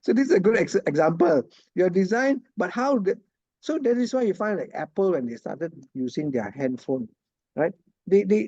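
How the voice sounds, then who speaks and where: A chatty man teaches an online class in a casual way. His voice sits a little high but sounds mellow. The sound is dull and lo-fi, like a video call. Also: no echo. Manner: chatty, laughs often, asks "right?". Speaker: lecturer.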